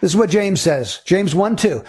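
A man's voice: sits high, expressive, moderate pace, a little mellow, breathy edge. A man preaching a sermon, reading scripture aloud and teaching earnestly through rhetorical questions.

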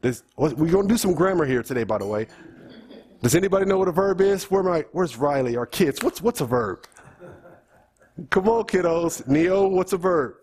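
A man's voice: a little high, sing-song, normal speed, darkish tone. A middle-aged man preaching a teaching sermon in a church, asking the congregation questions as he goes. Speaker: pastor.

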